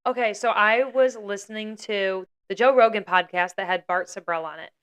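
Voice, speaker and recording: A woman's voice: medium pitch, normal speed, clean tone. Chatty young woman retelling a story. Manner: animated retelling with lots of "like". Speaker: podcast co-host. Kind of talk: casual storytelling chat.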